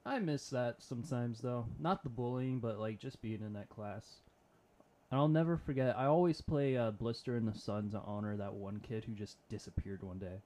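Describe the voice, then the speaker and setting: A man's voice: medium pitch, moderate pace, mellow. A young man in casual chat, laid-back and self-deprecating, often laughing.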